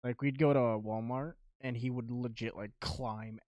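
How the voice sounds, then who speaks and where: A young man with a mid-pitched voice chimes in on a podcast with blunt, laughing remarks. The sound is dry and close. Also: steady tone, normal speed, a little mellow, dry recording. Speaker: podcast co-host. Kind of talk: casual chat.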